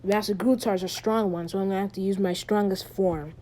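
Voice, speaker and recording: A woman voicing a boastful male demon king in a fan retelling, read flatly. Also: medium pitch, fairly quick, lightly acted. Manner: flat, barely acted.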